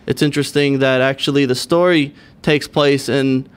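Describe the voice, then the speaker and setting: Man, rabbi on radio, smooth resonant voice, halting with fillers, studio mic. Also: mid-range voice, fairly even intonation. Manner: hesitant, many fillers, earnest. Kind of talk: explaining on a radio talk show. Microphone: studio microphone.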